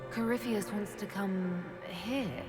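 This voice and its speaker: A woman's voice: mid-range voice, slow, loud music behind the voice, close to an everyday voice. A woman voicing a determined woman leader in a video game, asking direct questions. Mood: inquiring.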